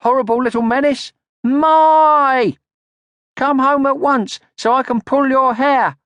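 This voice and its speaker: A bossy, self-important creature sister, played by a man, talks in a shrill, high voice. She sounds conceited and loud in this storybook reading. The sound is dry and close. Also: moderate pace, no echo, muffled recording. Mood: yelling. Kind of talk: audiobook character voice.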